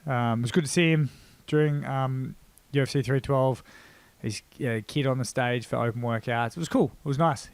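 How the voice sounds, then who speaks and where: A man's voice: mid-range voice, dry recording. An Australian man hosting a casual MMA reaction video, rambling with lots of fillers and poking fun at himself. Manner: rambling, filler-heavy, self-deprecating.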